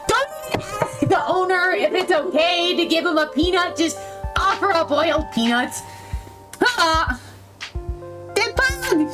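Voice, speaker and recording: A young woman hosting a game playthrough, reading the story aloud and chatting playfully with giggles. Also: extremely high pitch. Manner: playful, giggly, switches between narrating and chatter. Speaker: let's-play host.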